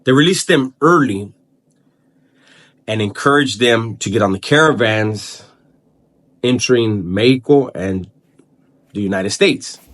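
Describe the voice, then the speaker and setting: A man's voice: on the low side, a bit bright. A man hosting his own video channel, talking casually to the camera and restarting his sentences often as he thinks aloud. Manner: halting, repeats words and restarts while thinking aloud. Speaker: channel host. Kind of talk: casual vlog commentary.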